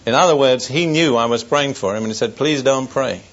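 Preaching to his congregation during a church service, an older male pastor shares a personal story with dry humor and earnest warnings in a sermon testimony. His voice is mid-range, and the dull, lo-fi recording carries slight hiss or hum.

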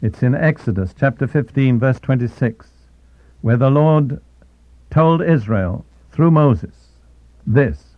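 Man, sermon, Bible teacher, deliberate emphasis, tinny phone-like sound, mid pitch. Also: no room sound. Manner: deliberate, slows down to stress key phrases.

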